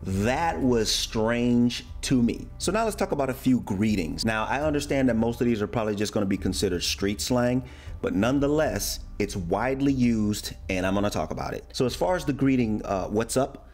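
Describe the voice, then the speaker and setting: A man's voice: mid-range voice, expressive, moderate pace, darkish tone, faint music behind. A man from the United States explaining slang in a casual, playful way, acting out example phrases. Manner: playful, acts out example phrases in shifting voices. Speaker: YouTuber explaining American slang.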